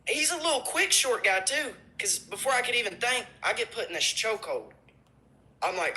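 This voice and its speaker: A man's voice: high-pitched, lively intonation, normal speed, sharp tone, rough recording. A man telling an embarrassing story on himself in casual chat, with a joking, self-mocking manner.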